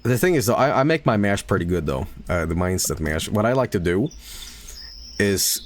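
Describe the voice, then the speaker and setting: Animated lower-voiced man streaming a game. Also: normal speed, a little hiss or hum. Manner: rambling storyteller, swears casually, laughs loudly. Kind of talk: casual live-stream chat while gaming.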